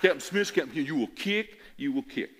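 A man voicing a drawling Southern football referee who makes loud, formal, repetitive calls with a Southern US accent. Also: lively intonation. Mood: booming. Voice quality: loud, booming announcements. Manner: slow, repetitive official calls.

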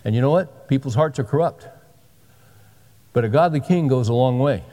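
A man's voice: mid-range voice, moderate pace, dark tone, long reverb tail. A pastor in his sixties giving a sermon with folksy, joking asides. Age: 60s.

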